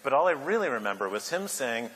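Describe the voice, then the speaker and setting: A man giving a keynote speech at a luncheon, an animated storyteller who builds to loud outbursts. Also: medium pitch, fast, slight background noise. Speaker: keynote speaker. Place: large banquet hall. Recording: echoey hall, faint ambience.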